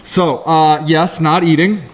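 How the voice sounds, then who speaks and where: Rambling, excitable male show host. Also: fairly high pitch. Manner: rambling storyteller, quick bursts, lively. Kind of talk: casual chat.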